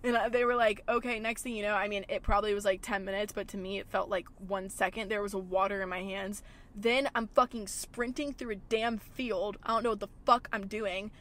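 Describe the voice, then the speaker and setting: This podcast host is a young woman talking from a car parked at a gas station, relaxed and chatty, with plenty of swearing and constant "like"s. She speaks at a medium pitch, briskly and with fairly even intonation, in a slightly bright tone.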